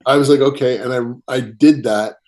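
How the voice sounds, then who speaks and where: A man, a writer, telling a personal story as a podcast guest, animated and chuckling as he acts out quotes. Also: medium pitch, normal speed. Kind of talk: casual storytelling interview.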